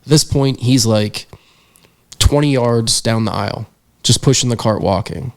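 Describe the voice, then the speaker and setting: A young man with a mid-range, creaky voice speaks unhurriedly as a podcast guest. A filmmaker, he tells a story in a casual interview, earnest and reflective and full of filler words.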